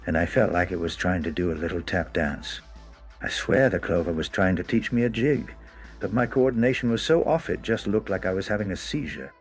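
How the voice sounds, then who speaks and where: A man telling a scripted first-person story as narrator, wry and amused. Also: sits low.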